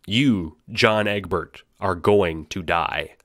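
A man narrating an audio drama in the second person, moving between hushed dread and panicked cries. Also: low-pitched, slow, no room sound, studio quality. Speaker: narrator and voice actor.

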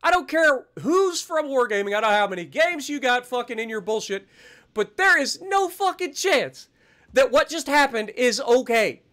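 Profane, bright-voiced ranting gamer man. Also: extremely high pitch, lively intonation, normal speed. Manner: profane, exasperated ranting with sarcasm. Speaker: game streamer. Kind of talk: live gameplay commentary.

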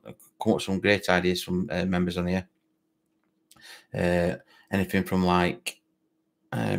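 A low-voiced man with a broad Barnsley Yorkshire accent hosts a football fan live stream. He chats casually, reads out viewers' comments and rambles, repeating words and leaning on fillers.

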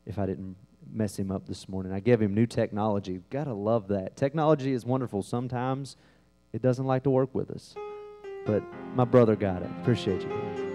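A man's voice: on the low side, mellow, soft background music. Fervent man urging a congregation. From West Virginia, USA. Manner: urgent, rapid, repeats "folks" and restarts. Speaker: visiting gospel singer. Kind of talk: fervent church exhortation. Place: church service before a congregation.

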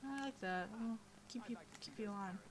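A woman's voice: a little high, normal speed. A young woman giving casual, chatty commentary over a video game playthrough, easily distracted and full of fillers, on a home computer microphone. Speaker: gameplay commentator.

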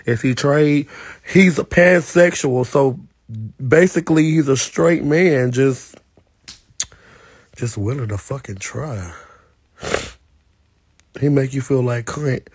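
A young man telling a gossipy story on a livestream, dramatic, with sudden high shrieks and whispers. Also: breathy edge, dry recording. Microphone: phone.

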